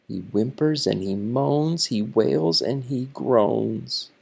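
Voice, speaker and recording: A man reading a picture book aloud to children slowly and deliberately, stopping to explain the feelings and words on each page. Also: medium pitch, creaky, a little mellow, breathy edge.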